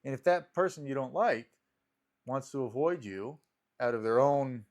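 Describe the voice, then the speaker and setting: A man with an ordinary, middle-pitched voice chats on a podcast. He slips in dry jokes and retells movie scenes, voicing each character as he goes. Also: animated, moderate pace, darkish tone. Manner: dry joking, storytelling that acts out characters. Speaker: podcast co-host. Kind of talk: casual chat.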